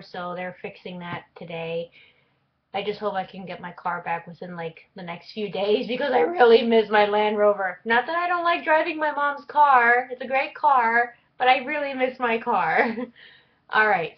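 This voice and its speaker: A young woman talks casually to her camera in a middle-pitched voice, rambling through a list of questions with plenty of fillers. The audio is a bit dull and lo-fi, like a home video recording. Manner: chatty and rambling, with frequent fillers. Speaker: vlogger. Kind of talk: casual tag video chat.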